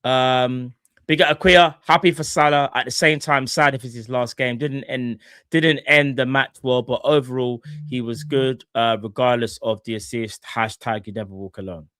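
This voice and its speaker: A young man hosting a casual live fan stream, shouting out viewers in slangy talk. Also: medium pitch, moderate pace, no room sound, studio quality. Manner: slangy, animated, shouting out chat members.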